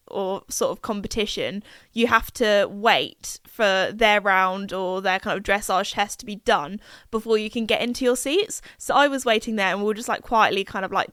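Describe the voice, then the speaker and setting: Young woman host, smooth clear voice, dry close mic, rambling casual chat. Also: medium pitch, fairly bright tone, no echo. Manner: chatty and rambling, many fillers. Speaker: podcast host.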